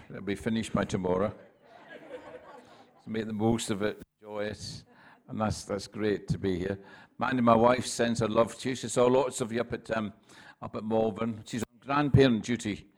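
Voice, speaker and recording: A Scottish man in his sixties, a pastor preaching a relaxed sermon full of jokes, stories and quick restarts. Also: on the low side. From Scotland. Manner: chatty, self-deprecating, with frequent laughs and restarts. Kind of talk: sermon with humorous anecdotes.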